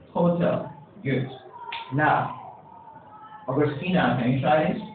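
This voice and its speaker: A man teaching a pronunciation lesson to a class, encouraging the students, putting questions to them and praising their answers. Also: medium pitch. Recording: echoey, distant, phone-like with faint hiss.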